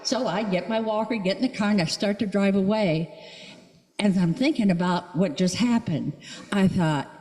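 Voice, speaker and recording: Older woman telling a lively story. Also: medium pitch, moderate pace. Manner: lively storyteller, acts out quoted voices. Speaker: congregant sharing a story. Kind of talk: spoken storytelling at a church service. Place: church sanctuary. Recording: long reverb of a church hall.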